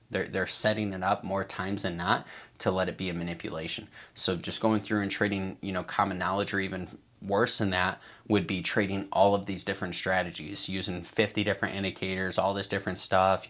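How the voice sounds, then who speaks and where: A man's voice: deep voice, fairly bright tone. A man giving a casual coaching talk to traders, emphatic and repetitive, swearing freely and acting out a trader's inner voice. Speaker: trading coach.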